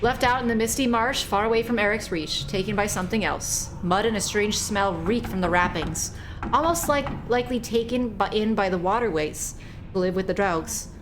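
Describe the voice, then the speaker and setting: A woman streamer giving casual, animated commentary while playing a horror game, swearing, laughing and chatting with viewers. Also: mid-range voice, normal speed, noisy background.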